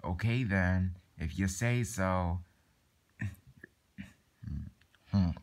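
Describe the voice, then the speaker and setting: Drawing out his words in a low voice, a young plush toy video maker improvises a skit and does all the voices. He rambles, restarting often and using many fillers.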